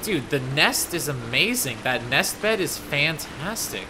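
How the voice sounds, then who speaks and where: Excitable young man streaming a game. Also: on the high side, a little slow, hardly any pauses, noisy background. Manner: excitable, chatty, panicky outbursts. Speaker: gaming streamer. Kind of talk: live gameplay commentary. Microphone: desk microphone.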